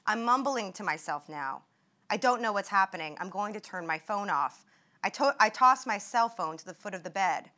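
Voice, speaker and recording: Bright-voiced young woman reading her memoir. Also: medium pitch, animated, normal speed. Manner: narrates steadily, acting out quoted outbursts with rising intensity. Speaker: invited speaker at a medical grand rounds.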